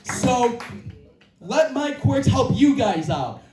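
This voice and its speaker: A man with a very high but mellow voice gives an earnest, emphatic motivational talk at a live event, often repeating his key phrases. He is picked up from a distance in an echoey room, with faint music behind him. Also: big pitch swings, slow pace. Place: indoor creative venue, live audience.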